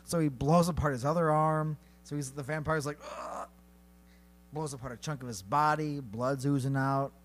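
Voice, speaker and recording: A man co-hosting a comedy podcast, narrating a silly battle with lively delivery and sudden high-pitched character voices. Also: normal speed. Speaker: podcast co-host. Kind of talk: comedic storytelling banter.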